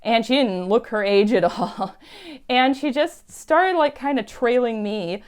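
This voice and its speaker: A woman's voice: on the high side, unhurried, smooth. A woman telling stories in a chatty, emphatic way on her casual vlog. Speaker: YouTube vlogger.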